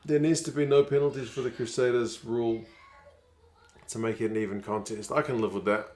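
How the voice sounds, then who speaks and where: A man's voice: medium pitch, fairly even intonation, fairly quick, a little mellow. A man, chatting casually on a live stream while watching rugby and reading out viewer comments.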